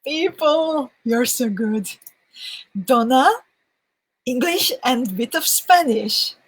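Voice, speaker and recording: A woman hosts a live crafting stream in a relaxed, chatty way, working through viewer comments one by one. Her voice sits a little high and has a soft, breathy edge. She takes her time and laughs easily between the names she reads. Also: slow, rough recording. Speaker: host of live beading sessions. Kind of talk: casual livestream chat.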